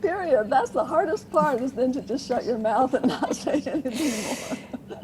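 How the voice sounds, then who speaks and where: A woman's voice: sits high, expressive, normal speed, darkish tone. A woman explaining parenting ideas as an interview guest, earnest and teacherly, with light laughs now and then. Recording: noisy interview recording.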